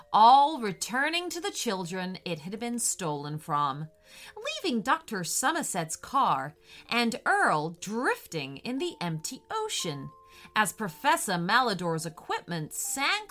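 A woman reading a children's adventure story aloud in a slow, expressive storytelling way. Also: medium pitch.

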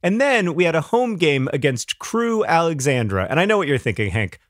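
A middle-aged man co-hosting a podcast in casual chat, rambling and playful, quick to laugh. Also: a little high, big pitch swings, a bit bright, no echo, studio quality. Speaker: podcast co-host.

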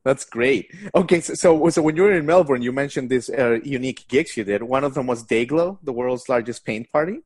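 A man's voice: medium pitch, fairly quick, hardly any pauses, a little mellow, slightly rough. A man hosting a casual interview podcast, reacting eagerly and supportively to his guest. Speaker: podcast host.

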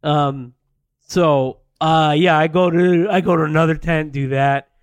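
Male comedian, high voice, laid-back, rambling, dry. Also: fairly even intonation, measured pace, smooth, no echo. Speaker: guest comedian.

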